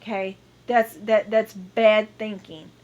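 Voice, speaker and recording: A woman's voice: mid-range voice, flat delivery, slow pace, darkish tone. A woman ranting to camera in a heated, profane monologue, repeating herself over and over.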